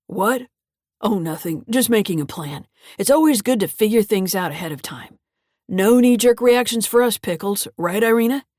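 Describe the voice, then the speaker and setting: A woman playing a mean, gruff old grandfather who talks in a gravelly, curt and bullying way. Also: mid-range voice, expressive, normal speed, darkish tone, no room sound, studio quality, close to an everyday voice.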